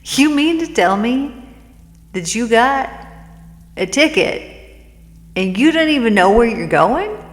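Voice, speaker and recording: A loud, incredulous male ticket clerk, voiced by a woman telling a story, pitched well above her usual tone. He sounds amused that someone would travel without knowing where they're going. The voice carries a long, roomy reverb. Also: big pitch swings, takes it slowly, pauses often. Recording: echoey room with long reverb.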